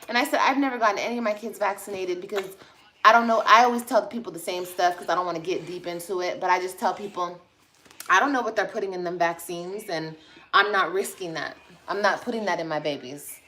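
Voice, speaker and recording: Bright-voiced, sassy woman vlogger. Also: lowish voice, fairly quick, slight background noise. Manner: blunt, sassy and profane, scolding viewers. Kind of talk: casual livestream chat replying to comments.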